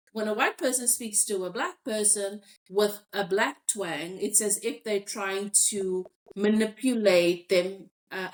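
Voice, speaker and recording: A South African woman hosting a podcast, talking things through thoughtfully and reading listener comments aloud. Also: mid-range voice. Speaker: podcast host. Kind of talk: casual discussion.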